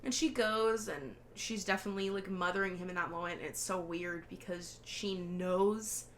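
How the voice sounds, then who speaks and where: Animated, foul-mouthed woman co-host. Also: lowish voice, moderate pace, slight background noise. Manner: animated, profane retelling with laughter. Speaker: podcast co-host. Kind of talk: casual film discussion.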